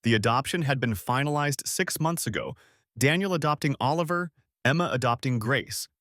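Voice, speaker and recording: A man's voice: medium pitch, normal speed, a bit bright, no room sound, clean studio sound. Man narrating a heartwarming story. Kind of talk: scripted narration.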